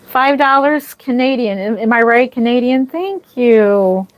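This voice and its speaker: A reborn doll artist hosts a casual livestream, her fairly high voice moving a little slowly with hardly any pauses and no echo. She chats with viewers and gushes thanks for their gifts, easily moved and thanking people often.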